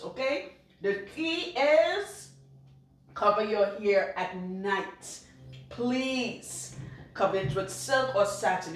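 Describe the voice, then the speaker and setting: A woman with a Trinidadian accent, a loctician talking casually to camera, blunt and outspoken, cussing freely and laughing loudly. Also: mid-range voice, far from the mic, slight background noise. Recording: very echoey room, off-mic.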